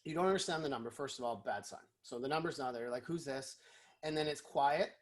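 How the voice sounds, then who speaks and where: A man, a guest in a casual interview, explaining sales calls and acting out quick snippets of phone chats. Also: mid-range voice. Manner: animated, acts out phone calls.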